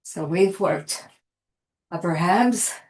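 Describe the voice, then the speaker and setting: Slow-talking winded woman fitness coach. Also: lowish voice, darkish tone. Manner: encouraging, breathy exclamations between cues. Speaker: fitness instructor. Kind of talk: live workout coaching.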